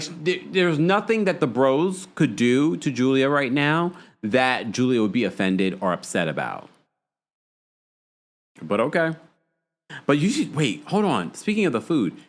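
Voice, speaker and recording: Guy doing a gossipy live recap, voice all over the place, kinda high for a man. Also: measured pace. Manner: animated, gossipy, mimics people in quotes. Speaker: podcast host. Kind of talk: live recap chat reading viewer comments.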